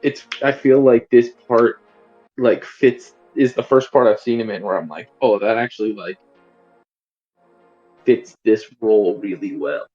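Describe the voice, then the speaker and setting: A man's voice: fairly low pitch, a little slow, darkish tone, dull audio, faint music behind. A man co-hosting a podcast, chatting casually about a film in a rambling way with many fillers and restarts. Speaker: podcast co-host.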